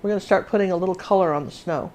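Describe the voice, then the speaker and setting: An older woman teaching acrylic painting on a live show. Her voice sits a little low, and she chats along as she mixes colors, often stopping and restarting mid-sentence. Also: rapid-fire, darkish tone. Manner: chatty, talks while working, restarts often. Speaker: painting instructor.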